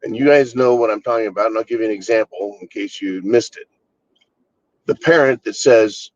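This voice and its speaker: A man's voice: lowish voice, brisk, darkish tone, no room sound, highs cut off. A man hosting his own channel, ranting bluntly and with exasperation, swearing freely. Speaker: channel host. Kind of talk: casual political rant.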